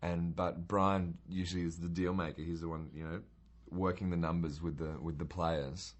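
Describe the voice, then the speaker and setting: A man's voice: low-pitched, little pitch movement, moderate pace. A man, a cast member, talking reflectively in an interview with loose, thoughtful phrasing.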